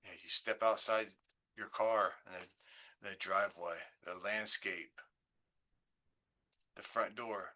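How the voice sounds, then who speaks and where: Bright-voiced man leading a guided visualization. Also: on the low side, steady tone, dull audio. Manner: slow, coaxing, imaginative storytelling. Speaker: real estate agent hosting a webinar.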